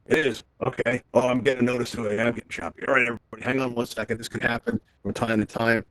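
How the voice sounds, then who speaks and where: Fast-talking man presenting tech tips. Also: medium pitch, flat delivery, a bit bright, dry recording. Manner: chatty, tag questions "right?". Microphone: headset mic in VR.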